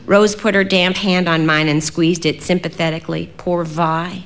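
A young adult woman narrating an audiobook in a measured, reflective way. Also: lowish voice, fairly even intonation. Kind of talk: audiobook reading.

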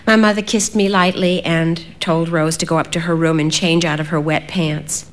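A young adult woman narrating an audiobook in a measured, reflective way. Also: low-pitched, steady tone. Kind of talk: audiobook reading.

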